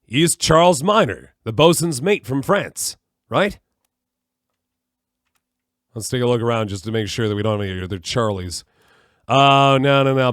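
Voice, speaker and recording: A man's voice: mid-range voice, big pitch swings, normal speed, pauses often, a bit bright, no room sound, clean studio sound. A man streaming a video game, puzzling things out aloud and musing to himself as he plays. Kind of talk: live gameplay commentary.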